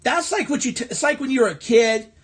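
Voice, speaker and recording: Midwest guy ranting on a phone stream, high voice, swearing, sarcastic, keeps repeating himself. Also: fairly quick, slightly rough. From American Midwest. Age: adult. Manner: angry, profane, repetitive and sarcastic. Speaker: livestream host. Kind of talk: ranting political livestream monologue. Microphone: phone livestream.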